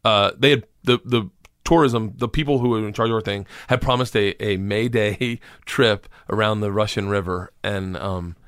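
A man's voice: fairly low pitch, normal speed, fairly bright tone, clear, resonant tone, dry recording, clean studio sound. A man, a comedian, telling a rambling, profane story in casual conversation, now and then acting out the people in it. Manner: rambling, profane, acts out voices of people in his stories. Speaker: comedian guest.

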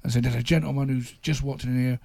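A man's voice: mid-range voice, fairly even intonation, quick pace, vocal fry, warm tone, no echo. A man, a football journalist, telling anecdotes in casual chat and laughing at his own impressions.

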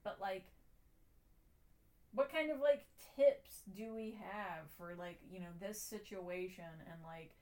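A woman's voice: mid-range voice, takes it slowly. Easygoing young woman, casual podcast chat. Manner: relaxed, chatty, full of filler words. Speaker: podcast co-host.

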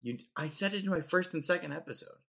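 A man's voice: on the high side, fast talker, gravelly, a bit bright. Joking young man hosting a podcast. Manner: joking storyteller, says dude and bro a lot. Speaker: podcast host. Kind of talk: casual chat.

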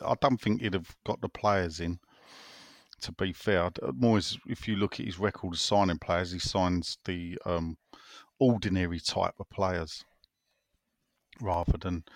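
A man's voice: low-pitched, no room sound, studio quality. A man hosting a casual football podcast, chatting and reading out listener messages. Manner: chatty, reads listener messages aloud, drops "innit". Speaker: podcast host.

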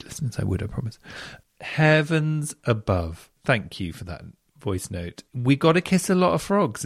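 A man hosting a radio show, chatting with listeners in an animated, camp way. His low voice swoops far up into squeals of surprise and then drops to a murmur. The sound is close and dry. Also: no room sound. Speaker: radio host reading listener stories. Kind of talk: casual chat.

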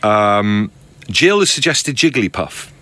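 A man co-hosting a podcast in loose, casual banter. His voice is bright and forward, and he rides it up and down with plenty of life. He teases his co-host with a cheeky edge. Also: fairly low pitch, big pitch swings, slow, dry recording. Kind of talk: casual chat.

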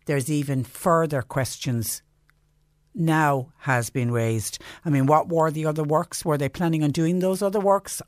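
Irish man, radio phone-in host, chatty and indignant, rhetorical questions, slightly raised pitch, dry studio sound. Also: dry recording. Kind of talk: radio talk show monologue.

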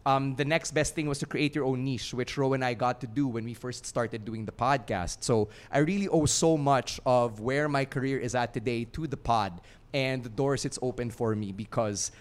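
Earnest Filipino man with a smooth voice. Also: mid-range voice, moderate pace. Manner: earnest, rambling with fillers, switches into Tagalog phrases. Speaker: podcast co-host. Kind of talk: casual podcast chat before a live audience. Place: studio with live audience.

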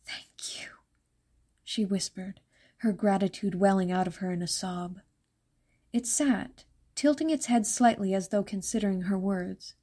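A woman narrating a dark fairytale in a measured, even storytelling manner. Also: mid-range voice.

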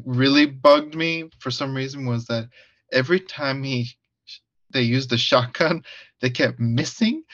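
A man's voice: mid-range voice, fairly bright tone, no room sound, lo-fi sound. A man co-hosting a casual movie review podcast, hesitant and laughing often. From United States. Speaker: podcast co-host.

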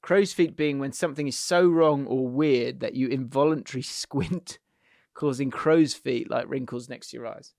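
A man's voice: medium pitch, moderate pace, a little mellow, no room sound, studio quality. A man, co-hosting a casual football podcast, often laughing as he reads listener messages aloud. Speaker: podcast co-host. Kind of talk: casual chat.

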